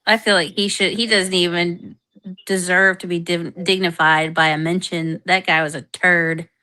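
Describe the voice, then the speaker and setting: Bright-voiced, blunt woman. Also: lowish voice, little pitch movement, moderate pace. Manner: blunt, frank remarks. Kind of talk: casual chat.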